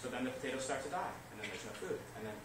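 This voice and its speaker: A man teaching history to a class, lively, asking questions and answering them himself. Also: medium pitch, rapid-fire, a crowd in the background. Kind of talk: classroom lecture. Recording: echoey classroom recorded from far off, noisy.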